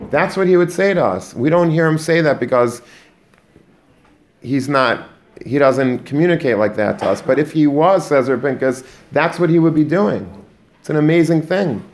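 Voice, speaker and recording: A man giving a Torah lesson to students, animated, often repeating words and mixing in Hebrew and Yiddish terms. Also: fairly high pitch. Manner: animated, repeats words while building a point. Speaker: Torah teacher. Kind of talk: religious lecture to students.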